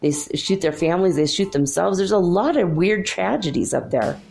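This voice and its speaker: A woman's voice: lowish voice, expressive, moderate pace, vocal fry, darkish tone, faint music behind. A woman from Minnesota hosting a casual spiritual monologue, rambling and chatty with frequent laughs. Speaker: spiritual channel host.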